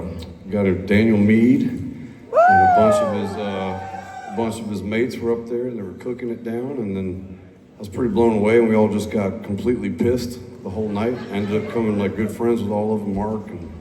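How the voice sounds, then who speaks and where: Laid-back musician spinning a rambling, cursing yarn from the stage; caught on an audience phone with long hall reverb. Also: male voice, on the low side, darkish tone. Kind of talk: onstage storytelling between songs. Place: large concert hall indoors. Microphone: stage PA recorded by audience phone. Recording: echoey hall, crowd noise, far off.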